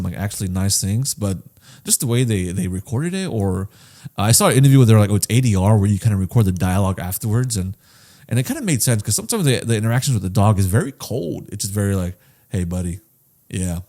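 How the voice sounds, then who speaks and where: A man's voice: on the low side, fast. A man co-hosting a podcast in casual chat, swearing freely and acting out the voices of the people he quotes. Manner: animated, profane, acts out quoted voices. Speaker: podcast co-host.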